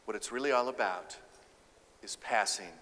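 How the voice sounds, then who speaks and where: A man's voice: fairly low pitch, normal speed, long reverb tail, very noisy. A man giving a humorous keynote talk, acting out quoted lines in a raised, playful voice. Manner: animated, acts out quotes with a raised voice. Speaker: keynote speaker.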